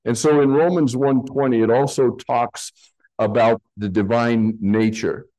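A pastor teaching a sermon, slowly explaining Greek words from slides in a patient, deliberate way. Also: male voice, mid-range voice, fairly even intonation, dark tone, rough recording.

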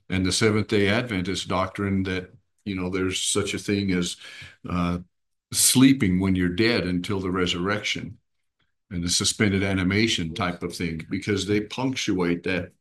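A man teaching a small group Bible study, explaining patiently and often checking in with his listeners. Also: sits low.

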